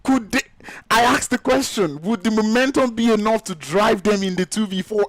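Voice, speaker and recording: A man whose first language is Yoruba, casting live esports play-by-play in an excitable, gushing, exclamatory way. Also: high voice, normal speed, a little hiss or hum, low-quality recording. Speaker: esports caster.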